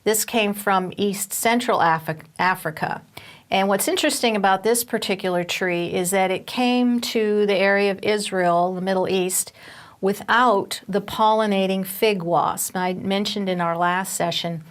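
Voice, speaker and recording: A woman's voice: mid-range voice, fairly even intonation, measured pace. A woman Bible teacher giving a recorded teaching session, explaining step by step with fillers and restarts.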